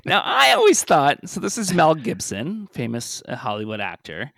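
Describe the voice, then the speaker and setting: A man's voice: fairly high pitch, wildly swooping pitch, moderate pace, creaky, a bit bright, no echo, clean studio sound. A man co-hosting a podcast in casual chat, joking and laughing often. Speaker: podcast co-host.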